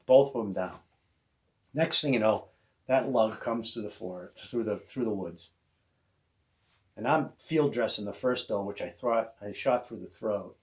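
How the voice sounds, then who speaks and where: A man hosting a podcast, telling a hunting story in casual chat and acting out the other people's voices. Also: on the low side. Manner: animated storyteller who acts out voices of others. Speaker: podcast host.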